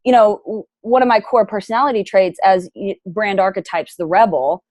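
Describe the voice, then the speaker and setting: A young adult woman speaking as an interview guest, frank and lively in casual chat. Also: mid-range voice, moderate pace, no room sound. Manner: frank and lively, plays devil's advocate.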